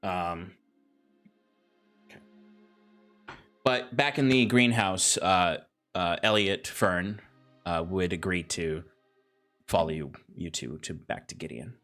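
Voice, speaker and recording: A man runs a fantasy tabletop game, describing the scene in a loose, rambling way full of fillers. His voice sits low, with faint music underneath. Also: takes it slowly, long pauses, fairly bright tone. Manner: rambling, laughing, many fillers. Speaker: game master.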